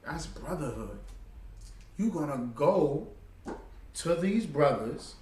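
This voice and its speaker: A man's voice: on the high side, very animated, slow. Emphatic preacher man in an echoey room. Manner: emphatic, rising to loud exhortation; casual slang and rhetorical questions. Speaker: preacher teaching a religious group. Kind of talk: street-style sermon. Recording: echoey room, far from the mic.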